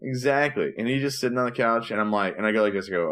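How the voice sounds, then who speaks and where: Animated storytelling man, podcast co-host. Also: fast talker. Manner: animated, acts out quotes in low mumbling voices. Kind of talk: casual chat, storytelling.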